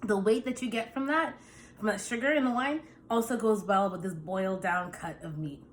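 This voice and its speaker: Chatty woman vlogger, relaxed tasting talk, mid-pitched voice, faint background hum. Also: normal speed. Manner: chatty, savoring, relaxed with fillers. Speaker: wine pairing vlogger. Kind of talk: casual tasting talk to camera.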